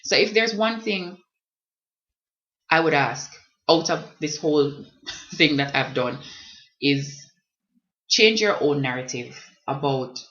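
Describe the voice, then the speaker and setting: A woman's voice: low-pitched, animated, slow pace, long pauses, a bit bright. A woman, speaking earnestly and directly to the listener in a reflective personal vlog. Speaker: blogger and vlogger. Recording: dull lo-fi recording.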